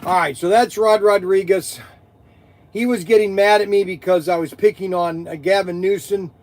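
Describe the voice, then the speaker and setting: A man's voice: high-pitched, fairly even intonation, moderate pace, a little mellow. A man hosting a casual livestream, chatting in a rambling way with lots of fillers and restarts. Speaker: livestream host selling collectible toys.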